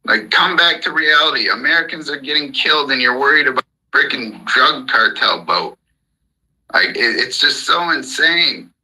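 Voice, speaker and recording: A man's voice: medium pitch, expressive, normal speed, pushed and bright, breathy edge, poor audio. A man hosting a live audio chat room, ranting heatedly about politics with plenty of profanity. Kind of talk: angry political rant.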